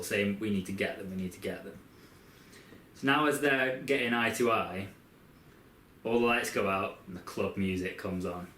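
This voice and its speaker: Man, podcast co-host, rambling storyteller, mid pitch, echoey room. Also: fairly bright tone. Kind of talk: casual podcast chat.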